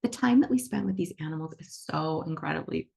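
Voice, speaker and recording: Low, gravelly-voiced enthusiastic woman teacher. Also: animated, fairly quick, dark tone. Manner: enthusiastic, emphatic, upbeat. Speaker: animal reiki teacher. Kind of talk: instructional talk to an online class. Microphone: video call.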